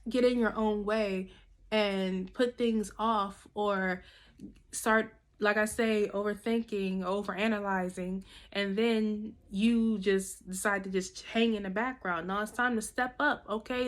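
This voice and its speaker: A woman's voice: mid-range voice, fairly even intonation, measured pace. A woman doing a casual tarot reading to camera. She talks directly and coaches her listeners, peppering her advice with slang, casual swearing and a checking-in "okay?". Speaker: tarot reader.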